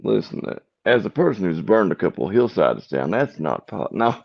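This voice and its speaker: A man's voice: low-pitched, big pitch swings, moderate pace, creaky. A man hosting a casual chat, laid-back and profane, chiming in briefly. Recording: dull lo-fi sound.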